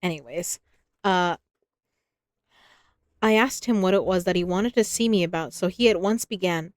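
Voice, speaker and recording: A woman's voice: fairly low pitch, moderate pace, long pauses, dry recording, studio quality. A woman streaming a novel read aloud, chatting casually between passages, swearing, laughing and talking to her pets. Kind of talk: casual reading and chat.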